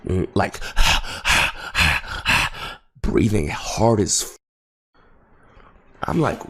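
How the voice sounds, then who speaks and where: A young man streaming, telling a rambling story to his chat with lots of swearing and halting restarts, dropping low and quiet then rising loud and high. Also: sing-song.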